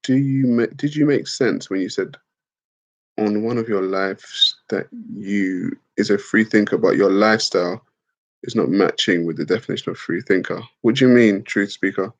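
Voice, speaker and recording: A man's voice: on the low side, moderate pace. Laid-back man on a stream. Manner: laid-back, slangy, swears, laughs at comments. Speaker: livestream host. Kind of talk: casual livestream chat reading comments. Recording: dull lo-fi stream audio.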